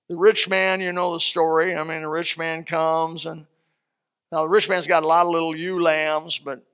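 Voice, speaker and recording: A man preaching a sermon, retelling a Bible story in an animated, conversational way. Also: sits high, creaky.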